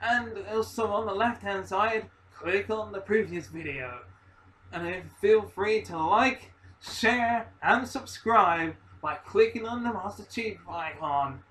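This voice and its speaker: Excitable high-voiced man, rambling. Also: slow pace, far from the mic, a little hiss or hum, rough recording. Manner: rambling, excitable, swears often. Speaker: video maker giving predictions. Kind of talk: casual excited monologue.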